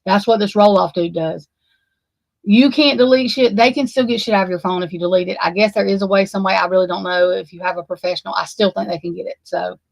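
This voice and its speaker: A woman's voice: medium pitch, steady tone, vocal fry, no room sound, rough recording. Distraught woman, dry close sound. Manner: distraught, halting, swearing, stammering. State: shaken, close to tears. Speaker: true crime commentator. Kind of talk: emotional unscripted commentary.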